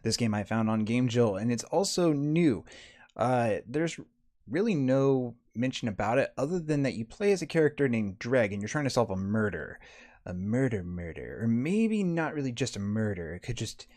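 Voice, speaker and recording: A man's voice: medium pitch, big pitch swings, normal speed, a little mellow. A man hosting a let's play of a text game, talking casually. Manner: casual, reads characters aloud. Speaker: gaming host.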